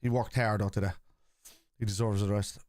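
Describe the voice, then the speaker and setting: A man's voice: lowish voice, steady tone, a little fast, a little mellow, no room sound. Blunt man, dry close mic. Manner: blunt, combative with chat, reads comments aloud. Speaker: football watchalong host. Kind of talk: casual live-stream chat.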